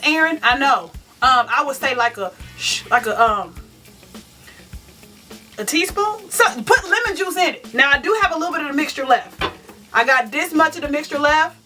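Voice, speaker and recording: A woman's voice: sits high, bright, forceful tone. Woman w/ cooking at home, talks to "y'all" nonstop, kinda far from the mic. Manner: chatty, self-mocking, talks straight to viewers as "y'all". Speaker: vegan cooking channel host. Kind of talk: casual cooking vlog chat. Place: home kitchen. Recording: distant mic with faint music.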